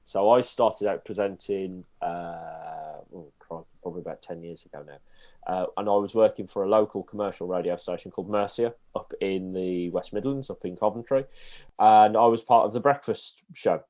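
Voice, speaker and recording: Animated Black Country man telling stories. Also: deep voice, moderate pace. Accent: Black Country English. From Black Country, England. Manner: lively storyteller who acts out voices. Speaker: podcast guest, event presenter. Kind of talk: casual chat.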